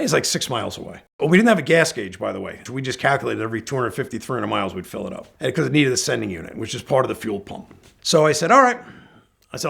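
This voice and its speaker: A middle-aged man with a gravelly, husky voice tells a story in a loose, chatty way. He acts out what each person said, switching between his own lines and theirs. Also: mid-range voice, a bit bright. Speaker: guest storyteller. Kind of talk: casual anecdote telling.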